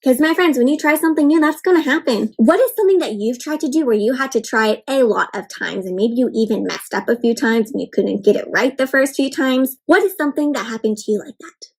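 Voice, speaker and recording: A woman reading a picture book aloud to children, pausing often to encourage them and ask them questions. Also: high-pitched, animated, slightly rough. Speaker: children's storybook reader. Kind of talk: interactive read-aloud for kids.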